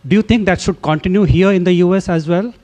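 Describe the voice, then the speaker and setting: A male reporter puts a long question to the podium. His voice sits a little high, and he speaks haltingly, restarting several times. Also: darkish tone. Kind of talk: asking a question at a press event.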